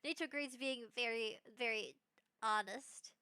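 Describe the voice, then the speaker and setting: A young woman streaming live, chatting in a rambling, bubbly way with bursts of excited squeals. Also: on the high side, a little slow, clear, resonant tone, no echo, studio quality. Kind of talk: casual live-stream chat.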